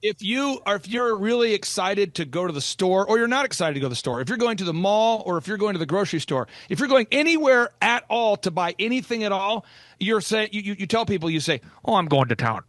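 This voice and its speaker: A high-pitched man races through his stories as a podcast host, animated and playful, often putting on folksy voices. His voice is dry and close, with no room sound. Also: fast talker, no echo. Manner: animated storyteller, acts out folksy quotes. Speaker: host and business coach. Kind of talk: energetic podcast talk with playful impressions.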